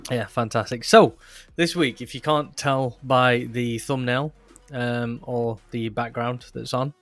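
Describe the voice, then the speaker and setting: A man's voice: medium pitch, fairly even intonation, unhurried, fairly bright tone, no room sound, faint music behind. A young man hosting a podcast in casual chat, laughing often and full of fillers. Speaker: podcast host.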